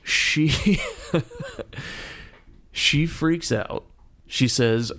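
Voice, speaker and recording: A young man with a gravelly, fry-heavy voice tells a story in casual chat. His delivery is profane and animated, breaking into shouts and laughs. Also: fairly low pitch, normal speed.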